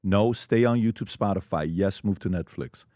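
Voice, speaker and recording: A man hosting a podcast panel, chatting casually and pitching merchandise in an upbeat way. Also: normal speed, a little mellow, no echo, clean studio sound. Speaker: podcast host.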